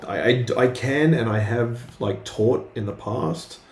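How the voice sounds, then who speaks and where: A man's voice: medium pitch, slow pace, a little mellow. A man casually chatting on a live art stream, hesitant and full of fillers and restarts. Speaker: streaming artist. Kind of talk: casual live-stream chat while drawing. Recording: roomy with faint background noise.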